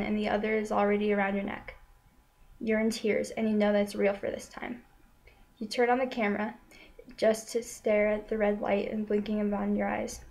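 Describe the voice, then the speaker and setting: Solemn woman narrating with a flat voice. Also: mid-range voice, rough recording. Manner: slow, solemn and steady, with repeated refrains. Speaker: storyteller. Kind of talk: spoken second-person narration.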